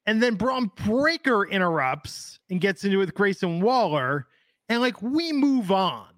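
Bright, dry-sounding male podcast host. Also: high-pitched, sing-song, unhurried, no room sound. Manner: rambling, thinks aloud with fillers. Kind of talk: casual wrestling podcast chat.

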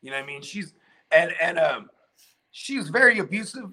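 Man, podcast host, casual chat, rambling, profane, fillers, raspy, gravelly. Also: fairly high pitch, big pitch swings, normal speed, sharp tone.

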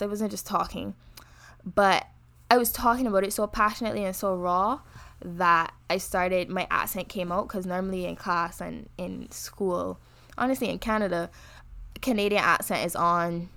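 Chatty Barbadian young woman. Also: medium pitch. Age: young adult. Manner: animated, chatty, quick to laugh. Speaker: podcast co-host. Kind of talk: casual chat.

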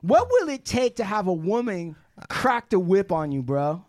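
A man's voice: high voice, sing-song, a little slow, darkish tone, no room sound, clean studio sound. A man co-hosting a podcast in casual, joking banter, with a playful, mock-dramatic manner. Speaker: podcast co-host.

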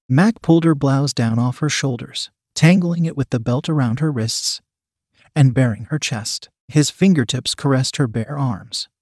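A man's voice: medium pitch, a little mellow, husky, dry recording. Man reading an erotic story, dry sound. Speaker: narrator. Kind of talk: erotic audiobook narration.

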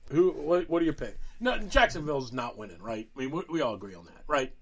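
A man's voice: medium pitch, animated, fast. A man guesting on a sports podcast, telling an anecdote in casual chat and laughing through his punchlines.

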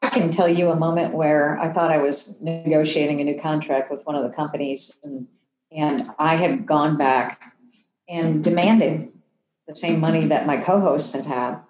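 A woman in her fifties, a television personality telling an emotional story in a podcast interview, animated and acting out the voices she quotes. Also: sits low, moderate pace, echoey room, rough recording. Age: 50s.

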